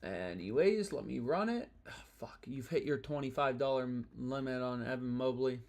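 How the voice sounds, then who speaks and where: A man's voice: medium pitch, expressive, moderate pace, gravelly, a little mellow. A young man chatting casually on a live stream about sports bets, slangy and profane, rambling from thought to thought. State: annoyed.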